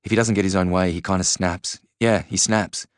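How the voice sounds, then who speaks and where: Anxious young woman, halting, fillers, male reader, low smooth voice, dry sound. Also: fairly even intonation, dry recording, close to an everyday voice. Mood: uneasy.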